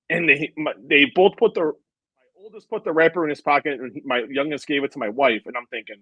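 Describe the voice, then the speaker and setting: A man's voice: mid-range voice, normal speed, fairly bright tone, breathy edge, no room sound, low-quality recording. A man in his thirties interviewing a guest, telling a long, rambling anecdote with lots of asides. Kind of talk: casual interview storytelling.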